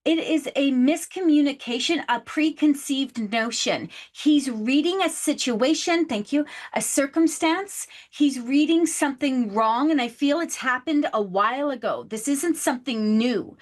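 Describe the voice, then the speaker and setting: A woman with a high, bright-sounding voice does a live psychic reading. She talks to her caller with affection and says please and love again and again. She hosts the show. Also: a little slow, few pauses. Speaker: psychic medium host.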